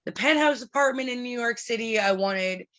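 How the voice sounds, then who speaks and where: With highs cut off from the audio, a woman in her 30s speaks at normal speed in a fairly high pitch. As a podcast guest, she tells frank, animated stories full of swearing and laughter.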